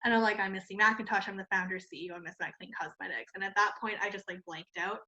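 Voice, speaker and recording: In a muffled, lo-fi recording, a Canadian woman who founded a cosmetics company tells a story during an interview. She speaks fast at a medium pitch, animated and laughing often, with plenty of "like" scattered through her talk.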